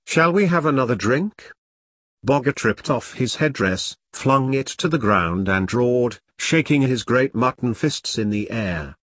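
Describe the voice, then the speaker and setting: A man reading a dark comic story aloud with dramatic storytelling. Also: medium pitch, animated, unhurried, hardly any pauses, no room sound. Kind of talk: audiobook narration.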